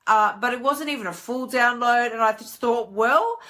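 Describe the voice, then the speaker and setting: A woman hosts a casual live stream with a bright, forceful voice pitched a little high. She talks in a chatty, animated way, jumping up in pitch whenever she acts out her own inner voice. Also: moderate pace. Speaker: host.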